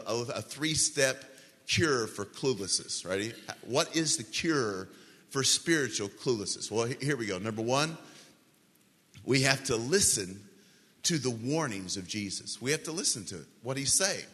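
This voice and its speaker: A man preaching a sermon as pastor, telling the story with animated voices for panicked disciples. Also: medium pitch, moderate pace. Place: church sanctuary. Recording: long reverb of a large hall.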